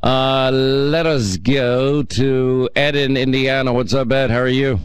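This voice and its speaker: A man's voice: mid-range voice, steady tone, takes it slowly, smooth, no room sound. A man hosting a call-in radio talk show, chatting and reminiscing with callers. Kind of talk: casual call-in chat.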